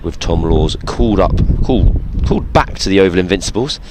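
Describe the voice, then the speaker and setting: A man's voice: sits low, expressive, brisk, background noise. A man co-commentating on live cricket outdoors, with dry, wry analytical remarks.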